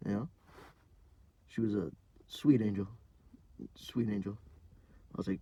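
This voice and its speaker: A young man hosting a podcast, telling a rambling, profane story in a casual monologue full of fillers, sometimes dropping to a low mumble. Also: fairly even intonation, normal speed, pauses often, a little mellow, breathy edge. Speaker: podcast host.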